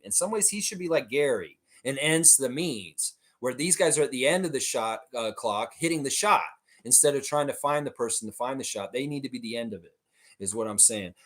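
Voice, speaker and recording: A man's voice: mid-range voice, a bit bright. A man hosting a live watchalong stream, casually reading chat messages aloud and riffing on them with frequent fillers and laughs. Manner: frequent "in some ways" and "uh" fillers. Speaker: livestream host.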